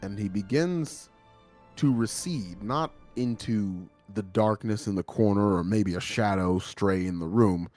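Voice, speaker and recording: A man narrating as game master of a tabletop game, describing scenes in a relaxed way with frequent filler words. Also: on the low side, unhurried, faint music behind.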